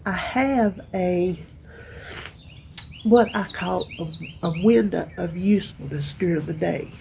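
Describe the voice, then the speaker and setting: Against a noisy background, a tired middle-aged vlogger with a lowish, gravelly voice chats aimlessly to her viewers. She sounds emotional and lets her pauses stretch out.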